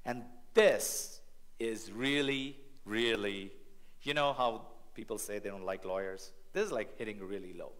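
A man preaching a sermon as family pastor in a church, animated and rhetorical, often checking in with the congregation. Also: on the low side, unhurried.

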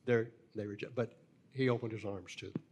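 An older man, a pastor telling folksy stories in a lively, animated way. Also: on the low side, fairly quick, slightly rough. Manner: animated, folksy storyteller with big laughs. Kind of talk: storytelling sermon talk.

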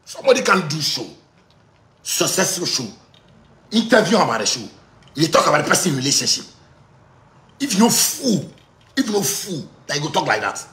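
Ghanaian guy ranting in pidgin, high animated voice that shoots up into shouts, echoey room. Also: normal speed, long pauses. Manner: ranting, repetitive, bursts of shouting. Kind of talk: heated monologue in pidgin.

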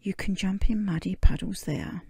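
A woman voicing a sleepy, calm mother pig in a breathy whispered role-play from a storybook. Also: medium pitch, moderate pace.

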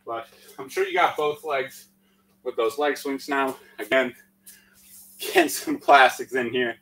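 Man, fitness instructor, out of breath, energetic countdowns, casual chatty coaching. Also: medium pitch, measured pace, poor audio. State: out of breath after exercise. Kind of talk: live-streamed workout coaching.

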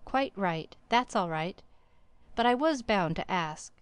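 A woman doing a brisk bustling gentleman. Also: medium pitch, expressive, clean tone, no echo. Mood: brusque. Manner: abrupt, bustling, blunt questions. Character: brisk bustling middle-aged gentleman investor.

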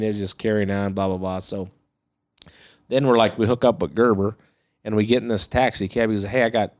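A man, a podcast guest telling profane, animated stories with frequent laughter. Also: lowish voice. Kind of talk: casual storytelling.

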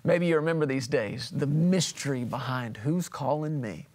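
A man in his thirties preaching a televised sermon in a conversational, emphatic way, his voice swinging widely between loud and quiet. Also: medium pitch, normal speed.

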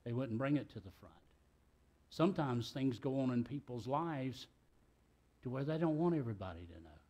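A man's voice: medium pitch, animated, moderate pace, dark tone. A middle-aged man, preaching a sermon in a church in a folksy, talkative way with joking asides. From South Carolina, US. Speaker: pastor. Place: church sanctuary.

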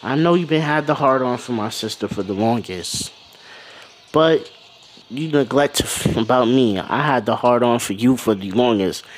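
A man voicing a forward young woman who speaks in a soft, confiding way. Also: medium pitch, moderate pace, natural voice, low-quality recording.

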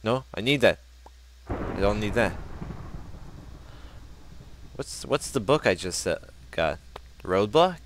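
Brief: young male let's-player, lively up-and-down pitch, joking and chatty. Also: takes it slowly, long pauses, a little hiss or hum. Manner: animated, joking, reads game text aloud. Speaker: gameplay commentator. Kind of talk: casual let's play commentary.

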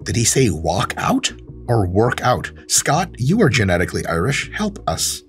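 A man's voice: lowish voice, unhurried, faint music behind. A man hosting a reaction video as an exercise scientist, joking and swearing constantly. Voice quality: profane, joking, animated. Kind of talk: reaction commentary.

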